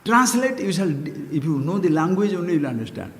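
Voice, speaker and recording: A man delivers a spiritual discourse in a high, very lively voice. He presses his points with repeated questions and Sanskrit terms. The sound rings with the long echo of a hall. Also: fairly quick. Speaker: spiritual teacher. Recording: echoey hall.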